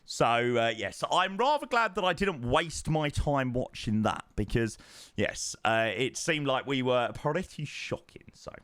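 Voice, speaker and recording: A man's voice: medium pitch, expressive, a little slow, fairly bright tone, no room sound, studio quality. A man chatting casually on a live stream, thanking subscribers one by one and swearing now and then. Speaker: flight sim streamer.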